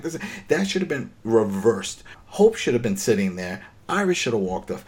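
Animated man riffing on a show. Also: mid-range voice, normal speed. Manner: animated, riffing, incredulous outbursts. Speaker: podcast host. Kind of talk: casual recap chat.

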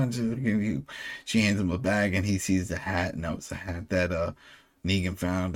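A man's voice: sits low, moderate pace. A man co-hosting a podcast, casually recapping a TV episode and acting out characters' lines as he retells scenes. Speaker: podcast co-host. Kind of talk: casual show recap chat.

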